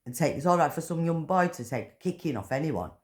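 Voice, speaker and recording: A woman delivering an angry, profane rant, swearing and shouting in bursts. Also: deep voice, animated, quick pace. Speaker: political commentator. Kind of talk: angry ranting monologue.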